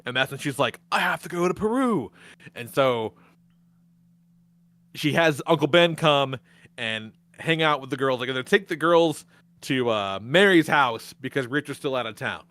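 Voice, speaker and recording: A man's voice: mid-range voice, a bit bright, no room sound. A man hosting a podcast, retelling a movie's plot in casual chat, swearing often and laughing along the way. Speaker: podcast host.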